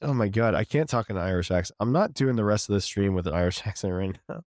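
A man's voice: fairly low pitch, lively intonation, fast talker, darkish tone, no room sound, clean studio sound. A tired man co-hosting a stream, chatting casually in a rambling, profane way with lots of restarts. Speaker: podcast co-host.

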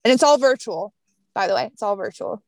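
A woman's voice: fairly high pitch, lively intonation, brisk, creaky, darkish tone, dry recording. A woman with a Southern accent, a guest on a podcast, talking in a bubbly, chatty way full of fillers. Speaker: podcast guest, business coach. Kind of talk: casual interview chat. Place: mountain home.

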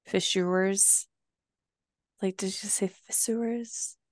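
A woman from the US Midwest, co-hosting a casual book podcast, playful and quick to drift off topic. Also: lowish voice, animated, dry recording, clean studio sound. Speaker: podcast co-host reading a book aloud. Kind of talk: casual book-club chat and reading aloud.

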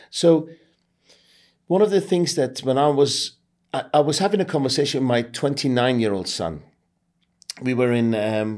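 A middle-aged man hosting a podcast, telling a personal story candidly, with halting restarts. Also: mid-range voice, a little mellow. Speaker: podcast host. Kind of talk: podcast interview.

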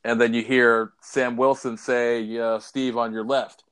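A man's voice: medium pitch, flat delivery, a little slow, a bit bright, smooth. A man co-hosting a casual movie podcast, telling scenes with strong emotion and frequent swearing. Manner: emotional, swears freely, retells scenes with quoted lines. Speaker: podcast co-host. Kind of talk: casual chat.

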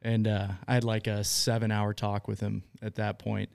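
A man talking as a guest on an interview show, telling his stories in a loose, chatty way. His voice sits low and sounds smooth and clear. The recording around him is dry, with no room echo. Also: little pitch movement, moderate pace, few pauses, darkish tone. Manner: chatty, laughs often while telling stories. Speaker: business owner, guest. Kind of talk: casual storytelling in an interview.

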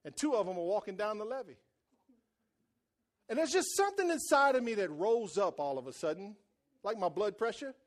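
A man preaching a sermon as a folksy personal story, loud and emphatic. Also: high voice, big pitch swings, fairly quick, long pauses. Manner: folksy storytelling, voices quoted people.

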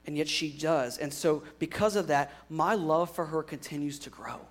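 A young adult man preaching a sermon in an earnest way, moving from emphatic lines to quiet, hushed ones. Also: a little high, normal speed. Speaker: pastor.

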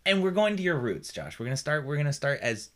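A man's voice: fairly high pitch, big pitch swings, fast talker. A man co-hosting a podcast, chatting casually, teasing and laughing often. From West Coast of the US. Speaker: podcast co-host. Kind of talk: casual chat.

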